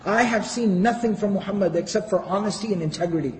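A man's voice: high voice, fast. A man giving a storytelling lecture, retelling history and quoting passages in Arabic before translating them. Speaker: Islamic lecturer. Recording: echoey hall.

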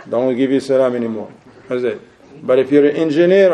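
A man's voice: mid-range voice, a little fast, warm tone. A man giving a religious lecture as a preacher, exhorting his listeners with rhetorical questions and Arabic religious phrases. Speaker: Islamic preacher.

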